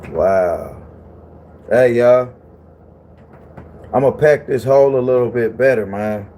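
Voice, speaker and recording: A man's voice: mid-range voice, slow, warm tone. A man hosting a livestream who chats casually, in a loose, profane and repetitive way. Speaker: livestream host.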